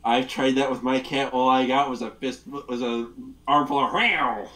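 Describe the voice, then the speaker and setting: A man's voice: mid-range voice, flat delivery, moderate pace, fairly bright tone, poor audio. Wisecracking male co-host. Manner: wisecracking, short interjections. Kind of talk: casual livestream chat.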